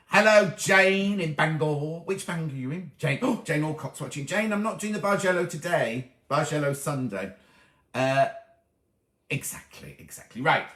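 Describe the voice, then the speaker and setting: A man's voice: fairly high pitch, a bit bright, reverberant. A middle-aged man hosting a live sewing chat stream from a small room at home, cheerful and easily sidetracked while greeting viewers.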